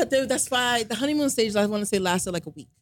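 A woman's voice: fairly high pitch, lively intonation, normal speed. A woman casually telling a personal story, rambling with lots of fillers and quoting what others said. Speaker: storyteller recounting a relationship. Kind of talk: casual conversation.

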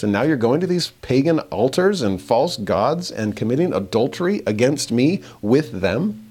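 A man teaching a verse-by-verse scripture lesson, reading passages slowly and then paraphrasing them with rising emphasis. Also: mid-range voice, very animated, darkish tone.

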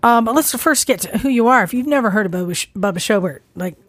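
A woman's voice: a little high, lively intonation, quick pace, dry recording. A woman hosting a podcast, upbeat and steering the conversation. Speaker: podcast host. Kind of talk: casual podcast chat.

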